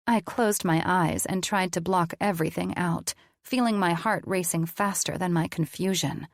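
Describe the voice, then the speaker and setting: A woman narrating an audiobook in the first person, in a measured, even way. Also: fairly low pitch, dry recording, studio quality.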